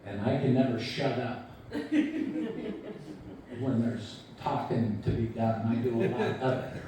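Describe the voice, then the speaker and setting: Slow-spoken man in his sixties giving a eulogy. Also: mid-range voice, animated, warm tone, slight background noise. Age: 60s. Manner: unhurried anecdotal telling, quoting a friend with chuckles. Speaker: eulogy speaker. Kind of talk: memorial eulogy storytelling. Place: large echoey hall at a memorial service. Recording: echoey hall recording from far off.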